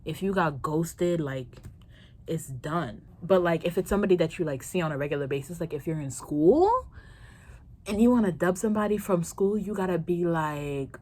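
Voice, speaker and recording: A young woman answering viewer questions in a casual vlog, playful and slangy, quick to laugh and swing into mock drama. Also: lowish voice, animated, a little mellow. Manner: slangy, chatty. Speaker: vlogger.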